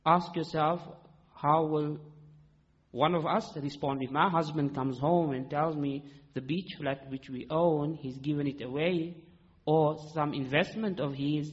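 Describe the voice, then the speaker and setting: A high-pitched male preacher delivering an emphatic sermon and answering his own rhetorical questions. His voice rings through a long hall reverb. The recording sounds dull and muffled.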